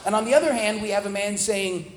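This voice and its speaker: A man's voice: high-pitched, fast talker, a little hiss or hum. A man giving a plain-spoken, conversational Bible lesson, explaining the text as he goes. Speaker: Bible teacher. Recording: echoey hall with long reverb.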